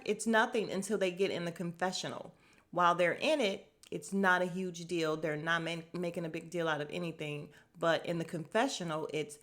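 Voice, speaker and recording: Speaking at a moderate pace with a lowish voice, a sassy podcast host gives a casual recap of a reality show. She stays animated throughout, parroting people's lines back in mocking voices.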